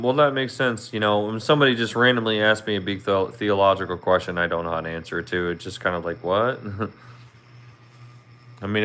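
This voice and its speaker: A man's voice: on the low side, fairly bright tone, smooth. Chatty Philly man on a live stream. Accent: Philadelphia. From Philadelphia, Pennsylvania. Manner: chatty, asks viewers questions, repeats himself, laughs often. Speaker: YouTuber hosting a live stream. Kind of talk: casual live-stream chat with viewers.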